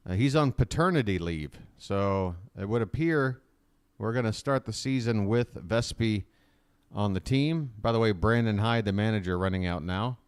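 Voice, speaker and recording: A man's voice: fairly low pitch, normal speed, clear, resonant tone. A man hosting a fan livestream, giving casual live play-by-play commentary in a chatty, rambling way, talking to his viewers as he watches. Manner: chatty and rambling, many fillers.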